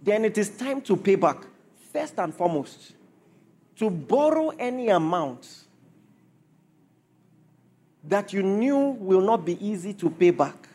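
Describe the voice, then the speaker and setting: A man's voice: high-pitched, expressive, takes it slowly, long pauses, warm tone. A man preaching a sermon to a congregation, driving points home with repeated rhetorical questions.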